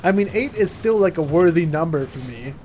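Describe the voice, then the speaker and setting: A man's voice: fairly high pitch, lively intonation, fairly quick, a little mellow, slight background noise. Young American guy rambling on stream. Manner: rambling, says "like" a lot, self-mocking. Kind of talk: casual live-stream chat.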